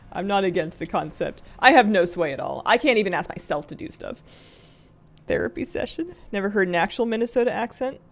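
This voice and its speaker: A woman's voice: mid-range voice, gravelly. A woman streaming a game live, chatting casually with her viewers in a self-mocking, grumpy, joking way and laughing often. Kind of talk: casual live-stream chat while gaming.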